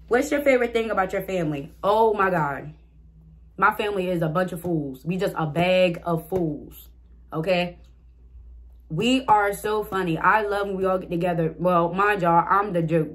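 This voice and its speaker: A young woman vlogger with a fairly low, slightly bright voice chats directly to her viewers. She casually reads out each get-to-know-me question and then answers it.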